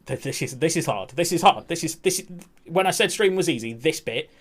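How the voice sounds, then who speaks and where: A man talking candidly on a livestream, nervous and a little breathless, halting with restarts and frequent ums. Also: a little high, lively intonation. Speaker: streamer.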